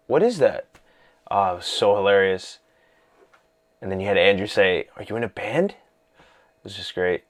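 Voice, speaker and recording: Guy with a lowish voice rambling excitedly about a movie, lots of you know and like. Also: smooth. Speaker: vlogger reviewing a film. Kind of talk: casual movie talk.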